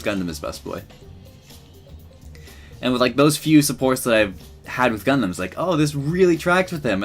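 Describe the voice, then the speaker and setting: A man's voice: mid-range voice, a bit bright. A man streaming, talking casually and emotionally in a rambling way with many restarts.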